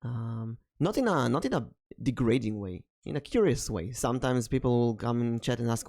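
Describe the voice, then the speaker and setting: Podcast host, male, Israeli accent, thoughtful and halting delivery. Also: mid-range voice, expressive, a little mellow. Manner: thoughtful, hesitant with many fillers. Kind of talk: casual podcast chat.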